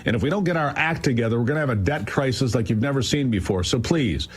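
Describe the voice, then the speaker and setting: A man's voice: mid-range voice, expressive, quick pace, a little hiss or hum. Emphatic male political commentator. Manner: emphatic, incredulous, rhetorical questions. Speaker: guest commentator.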